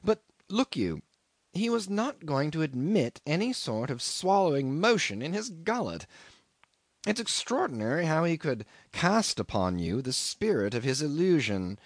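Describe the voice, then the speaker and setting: A man narrates a classic novel in a measured, expressive reading. His pitch moves widely over each phrase. The recording is dry and close, with no room sound. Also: dry recording. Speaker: audiobook reader. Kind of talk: scripted narration.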